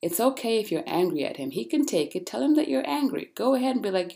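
A woman hosting a podcast, talking straight to listeners with blunt, animated, faith-based encouragement. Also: fairly high pitch, quick pace, vocal fry, hardly any pauses. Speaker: podcast host. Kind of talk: casual motivational monologue.

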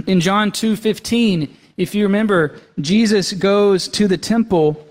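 A male pastor with a notably high voice preaches a conversational sermon, often turning to his listeners with quick check-ins. His voice rings out with a long reverb through a church sanctuary. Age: young adult to middle-aged, has young kids. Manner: conversational, asks the congregation "right?" and "okay?".

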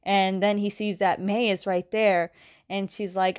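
A woman's voice: mid-range voice, flat delivery, a little slow, clean tone. A woman casually retelling a comic book story in a chatty way, often saying "like" and laughing between plot points.

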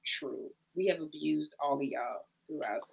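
A woman co-hosting a podcast, loud and playful, roasting and laughing a lot in casual banter. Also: deep voice, measured pace, creaky, husky. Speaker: co-host.

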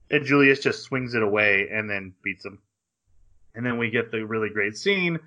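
A man hosts a casual podcast and recaps anime scenes with lively energy, jumping into quick acted-out quotes. His voice is bright and forceful. The recording sounds a little dull and lo-fi. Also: medium pitch. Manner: animated retelling with quick acted-out quotes of characters. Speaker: podcast host. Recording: slightly dull lo-fi podcast audio.

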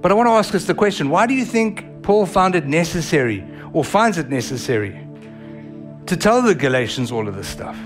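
A man with a South African accent preaching a sermon as pastor, animated and vivid in delivery. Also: fairly high pitch, brisk, soft background music. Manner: animated, acts out voices of others.

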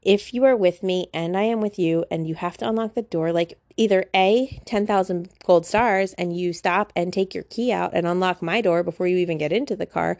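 A woman's voice: medium pitch, vocal fry, a little mellow, no echo, clean studio sound. A woman giving a casual, chatty self-help monologue, full of slang and filler words. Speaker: spiritual self-help vlogger. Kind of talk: casual talking-to-camera monologue.

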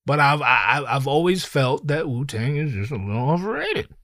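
A middle-aged man hosting a podcast, ranting casually in a profane, rambling, animated way. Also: mid-range voice, normal speed, dry recording, studio quality. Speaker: podcast host. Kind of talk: casual solo podcast rant.

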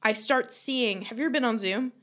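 Animated young woman telling funny stories. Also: fairly high pitch, a little fast. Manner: animated, swears freely, acts out quotes, laughs often. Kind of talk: casual comedic storytelling chat.

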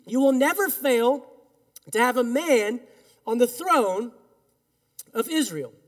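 High-voiced male pastor in a reverberant hall. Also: expressive, slow pace. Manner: earnest, emphatic, leads call-and-response. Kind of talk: sermon. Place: church sanctuary. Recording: long reverb of a large hall.

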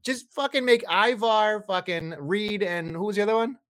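A man co-hosting a podcast in casual wrestling chat, excitable and profane, his voice climbing when he rants. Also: moderate pace, no room sound. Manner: excitable, swears often, rants with rising pitch. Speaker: podcast co-host.

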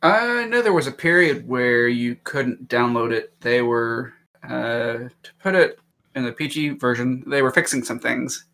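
A man's voice: mid-range voice, animated, moderate pace, sharp tone. A man on a casual podcast, talking hesitantly with many fillers. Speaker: podcast co-host. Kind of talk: casual chat.

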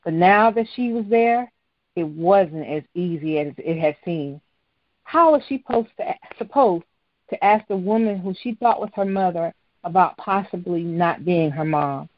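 A woman reads a story aloud in a steady, measured voice and now and then trips over a word. The recording is dry with no room sound, and its tone is a bit dull and lo-fi. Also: on the low side, no room sound. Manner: steady, even reading with occasional stumbles. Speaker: narrator. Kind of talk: storybook narration read aloud.

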